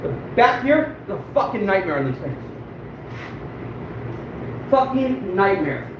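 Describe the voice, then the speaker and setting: Working as he talks to viewers on a live stream, a fur trapper grumbles at himself and swears a lot, frustrated and self-deprecating. His high voice is very animated but a little slow. The highs are cut off, and the far-off mic picks up room echo and background noise.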